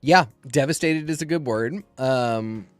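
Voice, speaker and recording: A man co-hosting a podcast in casual chat, dropping dry, quick wisecracks. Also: mid-range voice, no echo, faint music behind. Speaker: podcast co-host.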